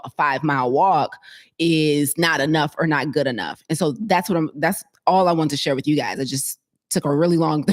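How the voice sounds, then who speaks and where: A woman health coach talking casually to her viewers, telling stories in a chatty way and laughing often. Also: low voice.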